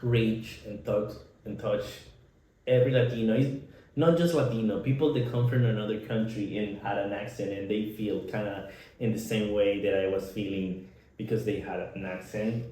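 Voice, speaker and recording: Nicaraguan-accented man, low voice, earnest chat, very echoey room. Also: fairly even intonation, dark tone. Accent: Nicaraguan Spanish. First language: Spanish. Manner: earnest, laughs often, halting in his second language. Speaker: podcast co-host. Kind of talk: casual chat.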